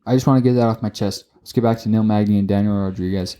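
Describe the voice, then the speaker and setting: Profane, excitable young man podcasting. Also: fairly low pitch, fast. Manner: profane, excitable, stumbles and repeats words. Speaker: podcast co-host. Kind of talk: casual sports chat.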